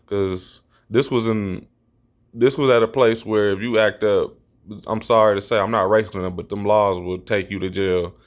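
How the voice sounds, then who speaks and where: A man casually telling viewers a true story, animated and repeating himself, acting out what others said in a raised voice. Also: fairly low pitch. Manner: animated, acts out quotes in a raised voice.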